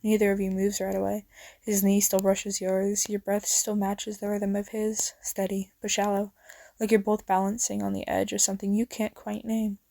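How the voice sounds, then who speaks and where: A young woman narrating a second-person romance story in a soft, intimate voice that slips into whispers. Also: mid-range voice, monotone, moderate pace, vocal fry. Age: young adult. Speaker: fan fiction narrator.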